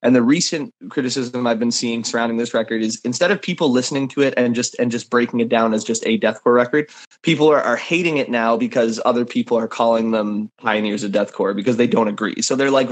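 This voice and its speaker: A man's voice: mid-range voice, fast. A man co-hosting a podcast in casual chat, often stammering and repeating words, with a lot of swearing. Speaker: podcast co-host.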